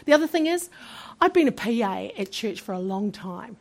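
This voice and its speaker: A woman preacher telling a testimony from the pulpit, animated and laughing often as she acts out the voices in her story. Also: mid-range voice, normal speed.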